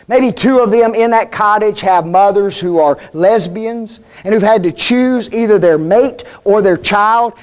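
A man's voice: high-pitched, a little mellow. A man preaching a sermon in a folksy, plain-spoken way, often putting rhetorical questions to the congregation.

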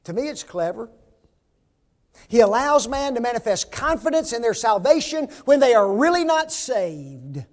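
A man's voice: very high-pitched, very animated, normal speed. A man in his sixties preaching a sermon, emphatic and full of rhetorical questions to his congregation.

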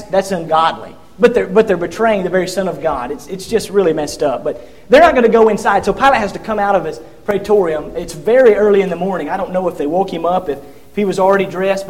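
A man delivers a sermon in a fairly high voice, retelling scripture as vivid storytelling. He restarts often and acts out the figures he quotes.

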